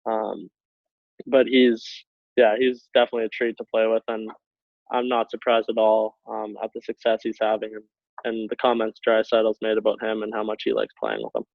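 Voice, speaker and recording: A man's voice: on the low side, moderate pace, creaky, no room sound. A young Canadian man, a hockey player, telling stories casually on a podcast call, laughing often as he goes. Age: young adult. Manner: laughs often while telling stories, relaxed, filler-heavy. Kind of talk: casual storytelling. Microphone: call over internet. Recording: tinny phone-like line, dry.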